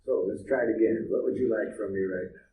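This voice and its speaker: A man leads a role-play workshop in a workshop room, teaching through playful, teasing storytelling. His voice is fairly low, fast and dark-toned. The recording picks him up from far off in an echoey room, with a faint hiss.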